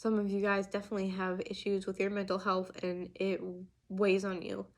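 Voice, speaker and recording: A woman's voice: medium pitch, monotone, normal speed. A young adult woman giving an earnest, emphatic channeled tarot reading, full of restarts and fillers. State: getting emotional. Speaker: tarot reader.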